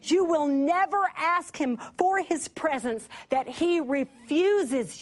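A woman preaching a sermon through a lively personal story, laughing often and dropping to a hush at key points. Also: high voice, slow, hardly any pauses. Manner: animated, laughing, drops to a hush for emphasis.

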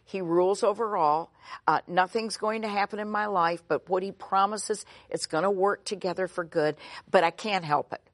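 A woman's voice: medium pitch, moderate pace, dry recording, close to an everyday voice. A woman voicing an anxious, overwhelmed churchgoer who pleads in frustration. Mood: pleading.

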